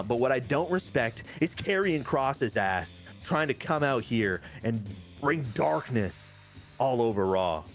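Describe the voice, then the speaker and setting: A man putting on the voice of a cocky male pro wrestler cutting a loud, brash promo while narrating a wrestling game. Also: medium pitch.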